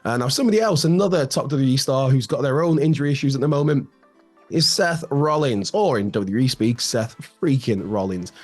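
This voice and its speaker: A man with a slightly raspy voice hosting wrestling news in a casual, chatty way, full of fillers and restarts. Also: mid-range voice, animated, fast, soft background music.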